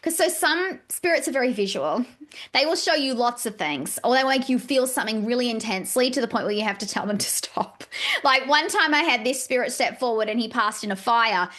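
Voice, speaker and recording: Her voice a little high and fairly quick, an Australian psychic medium chats animatedly as a guest on a casual podcast. She performs the dialogue she quotes and fills her speech with plenty of "like."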